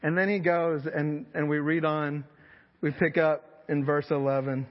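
A man's voice: a little high, little pitch movement, unhurried. A male pastor preaching a sermon in a conversational, emphatic storytelling way in a church hall. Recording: echoey hall, slightly dull sound.

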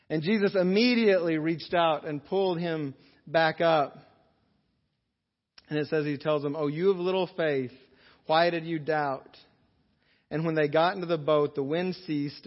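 Male pastor preaching in a reverberant hall. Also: fairly high pitch. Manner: earnest preaching, slowing for emphasis on key phrases. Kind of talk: sermon. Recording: dull lo-fi sound in a reverberant hall.

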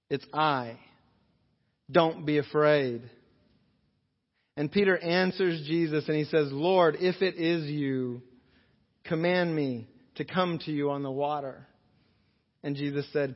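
A man preaching a sermon as pastor, earnestly, slowing down to stress key phrases. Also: a little high. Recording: dull lo-fi sound in a reverberant hall.

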